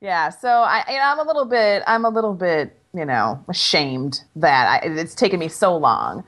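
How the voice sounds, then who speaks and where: A woman's voice: lowish voice, lively intonation, moderate pace, a bit bright. A woman co-hosting a podcast, chatting casually and animatedly, laughing often and restarting her sentences. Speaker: podcast co-host. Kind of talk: casual chat.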